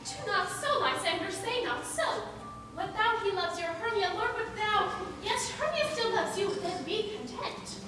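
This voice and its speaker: A woman's voice: extremely high pitch, lively intonation, moderate pace, music in the background. A woman playing a spurned young lover who pleads, declaiming verse on stage. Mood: hurt, indignant. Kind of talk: stage play performance. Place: school auditorium stage. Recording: echoey hall, distant mic, noisy.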